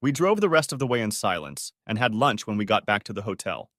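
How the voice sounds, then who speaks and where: Bitter male story narrator, low voice, swings in pitch, dry close sound. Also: sing-song, fairly quick, fairly bright tone, no echo. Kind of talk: first-person story narration.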